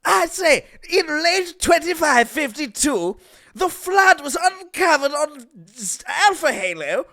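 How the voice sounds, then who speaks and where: Guy doing a pompous old british gent, fake british accent, high and bright. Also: sing-song, takes it slowly, heavily acted. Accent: put-on British.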